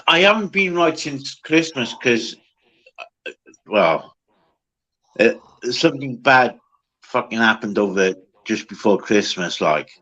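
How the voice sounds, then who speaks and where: A man calling in to a livestream, speaking haltingly with swearing and trailing "like" at the ends of his sentences. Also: medium pitch, lively intonation, a bit bright, rough recording. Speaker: caller on a livestream. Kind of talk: casual chat.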